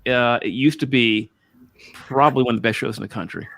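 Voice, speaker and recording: A man's voice: medium pitch, a little fast, gravelly, a bit bright, no echo. A man hosting a casual interview, repeating and restarting his words as he talks. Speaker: host.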